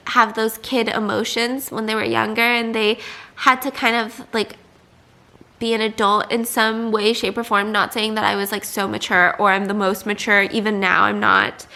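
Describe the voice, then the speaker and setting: A young woman from the American South talks in a candid, rambling confessional chat, filling her sentences with "like". Her voice sits high and sounds bright and clear. She speaks casually, as if to friends watching her channel. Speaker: vlogger.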